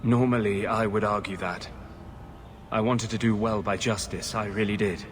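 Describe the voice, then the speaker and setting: Man playing a haunted game mage, grave, intense, somewhat low voice, earnest. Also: steady tone, moderate pace, slight background noise, close to an everyday voice. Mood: grim. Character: brooding male mage haunted by a vengeful spirit. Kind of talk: video game dialogue.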